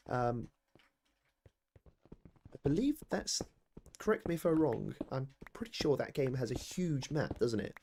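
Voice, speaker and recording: British male streamer, thirties, gravelly, rambling, self-deprecating chat, faint hiss behind. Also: medium pitch, darkish tone. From Britain. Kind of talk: casual live-stream chat.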